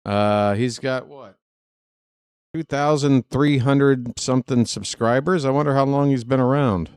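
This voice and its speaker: Man, live-stream host, unhurried, smooth clear voice, dry close sound, chatty with jokey asides. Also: medium pitch, a little mellow, dry recording. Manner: chatty, joking asides to viewers. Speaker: streaming baseball commentator. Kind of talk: casual live-stream chat.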